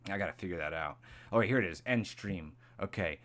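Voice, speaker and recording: A man hosting a casual live stream, rambling and repeating himself, now and then jumping into a high, mocking voice to imitate angry people. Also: brisk, fairly bright tone.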